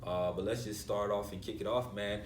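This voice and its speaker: Hype slangy host in echoey studio. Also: male voice, lowish voice, fairly even intonation, a little fast, distant mic, noisy background. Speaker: interview host. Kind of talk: casual hip-hop interview. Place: radio station studio.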